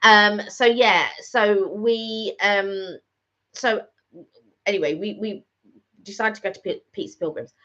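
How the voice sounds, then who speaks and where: A woman's voice: mid-range voice, a little slow, fairly bright tone. Chatty woman, lo-fi sound. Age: middle-aged. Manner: chatty, rambling with many fillers and restarts. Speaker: vlog co-host. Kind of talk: casual chat. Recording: slightly dull lo-fi audio.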